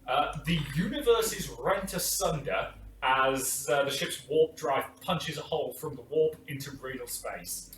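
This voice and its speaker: A man narrating as game master, rambling and filling his pauses with ums. His voice is bright and fairly high. He sits far from the mic in an echoey room with faint noise. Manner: rambling, many ums and uhs.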